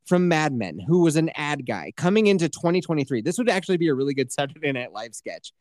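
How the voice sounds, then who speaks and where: A male podcast co-host riffs with plenty of swearing and sarcasm, swinging his pitch up and down as he acts out little mocking voices. His voice is close and dry, with no room sound at all. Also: sing-song, quick pace, a little mellow, dry recording. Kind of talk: casual podcast chat.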